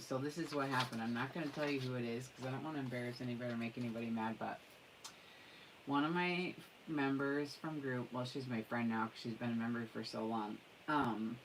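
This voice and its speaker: A woman with a strikingly low, deep voice chats to her viewers as she shows off craft supplies. She gushes and gets excited, talking in a loose, casual way. Faint background noise sits under her voice. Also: poor audio. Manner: gushing, excitable, chatty. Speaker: craft vlogger. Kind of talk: casual craft show-and-tell.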